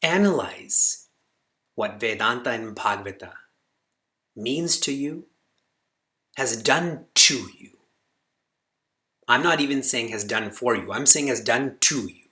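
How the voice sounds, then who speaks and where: With a mid-range voice, a male teacher delivers a spiritual discourse to his students. He's animated and his voice jumps sharply on key words, slowing down to recite Sanskrit and pausing for brief check-in questions to the room.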